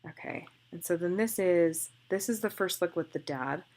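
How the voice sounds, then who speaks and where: Talking through her photo edits in a chatty, gushing way, a young woman photographer thinks aloud while she clicks for a casual screen-recorded tutorial. Her voice is fairly low, a little mellow, and at normal speed.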